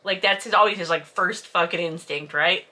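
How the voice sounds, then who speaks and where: A woman's voice: lowish voice, normal speed, bright, forceful tone. Sarcastic woman with a lisp. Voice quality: lisp and stutter. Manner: sarcastic, profane, exasperated. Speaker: host reading and roasting a novel. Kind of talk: casual commentary.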